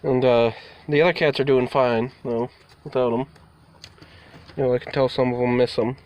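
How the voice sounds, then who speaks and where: A man's voice: medium pitch, fairly even intonation, normal speed, clear, resonant tone, muffled recording. A man giving a casual vlog update, rambling and talking to his cats, with the odd mild swear word. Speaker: vlogger. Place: indoors near a door, partly outside.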